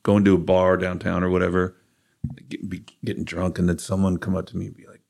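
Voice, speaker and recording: A middle-aged man with a low, gravelly voice tells his story candidly as a studio guest. His delivery is casual and conversational, and it grows animated when he voices his own past thoughts. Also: fast. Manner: candid, animated in quoted asides. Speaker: guest, rock guitarist.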